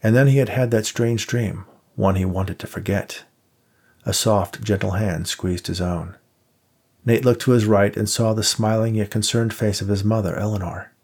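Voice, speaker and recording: A man narrates an audiobook in a measured, even way. His voice sits low and carries a gravelly, husky grain. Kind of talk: scripted narration.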